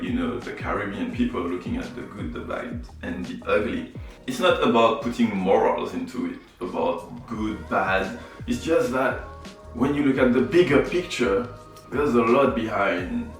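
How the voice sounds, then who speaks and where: A man's voice: on the low side, very echoey, recorded from a distance, low-quality recording. A man from Martinique who runs a photography channel, explaining his views in a reflective vlog, often checking in with "right?" and "you know". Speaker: photography YouTuber.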